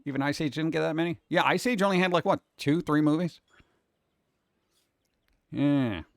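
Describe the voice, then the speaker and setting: Rambling, jokey male streamer, slightly high. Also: moderate pace, no room sound, studio quality. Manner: rambling, jokey, jumps between topics. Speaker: cartoon creator and streamer host. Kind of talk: casual chat with a live chat audience.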